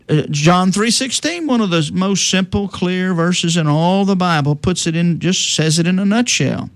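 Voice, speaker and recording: A man's voice: sits high, lively intonation, measured pace, hardly any pauses, dry recording. A middle-aged man explaining salvation in a conversational teaching style, often restarting sentences and quoting scripture in old-fashioned wording. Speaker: preacher.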